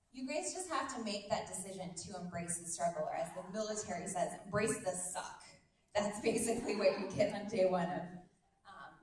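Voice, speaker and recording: Energetic woman speaking in an echoey hall. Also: mid-range voice, recorded from a distance, slight background noise. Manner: energetic, emphatic, swears and laughs with the crowd. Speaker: motivational speaker at a business event. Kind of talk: live motivational talk. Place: large hall.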